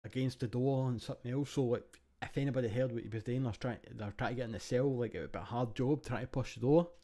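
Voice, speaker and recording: A man with a Scottish accent, co-hosting a podcast and telling animated stories full of swearing. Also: mid-range voice, fast. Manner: animated storytelling, heavy swearing. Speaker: podcast co-host. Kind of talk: casual chat.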